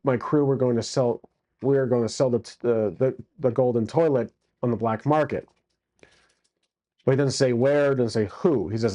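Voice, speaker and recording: A man narrates and rolls for a solo tabletop game in a loose, rambling way. His voice is warm and mellow at a middling pitch, and it is full of fillers and crude asides. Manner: casual, crude jokes, many fillers.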